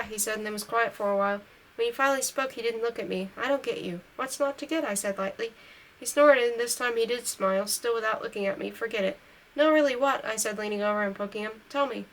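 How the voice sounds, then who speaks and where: In a poor-quality home recording with a faint, steady hiss, a woman reads a novel aloud as an amateur audiobook reader. Her mid-pitched voice turns a little brighter, louder and livelier on characters' dialogue, and she stops now and then to correct her slips.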